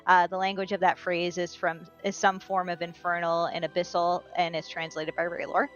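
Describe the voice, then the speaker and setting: Woman player, low-ish voice, casual self-correcting recap; muffled lo-fi sound, soft music behind. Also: level tone, normal speed. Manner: chatty, self-correcting storytelling. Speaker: player giving a session recap. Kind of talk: casual recap of a tabletop game. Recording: dull lo-fi recording with faint music.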